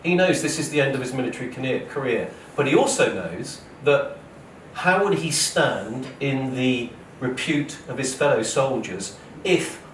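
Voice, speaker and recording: A man's voice: medium pitch, lively intonation, unhurried, hardly any pauses. Man telling a war story in a hall. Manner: dramatic, acts out quoted speech, frequent "okay?" and "right?". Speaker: author giving a public talk. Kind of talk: lively storytelling lecture. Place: lecture hall at a museum. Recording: roomy hall, voice from a distance, faint noise.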